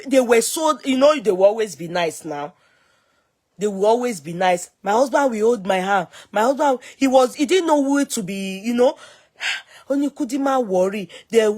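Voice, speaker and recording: A woman in her thirties with a Nigerian accent, casually and dramatically telling her own story to the camera. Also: a little high. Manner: dramatic, expressive retelling.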